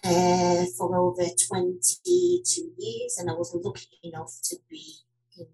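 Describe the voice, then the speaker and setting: A middle-aged woman from Morocco, a dance teacher talking casually in an interview, animated and full of fillers and restarts. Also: high voice, unhurried, gravelly, rough recording.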